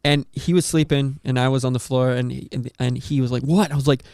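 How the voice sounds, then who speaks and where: A man hosting a podcast, telling a story in a rambling, animated way with lots of swearing and acted-out quotes. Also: medium pitch, fairly quick, no room sound, studio quality. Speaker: podcast host. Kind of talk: casual storytelling chat.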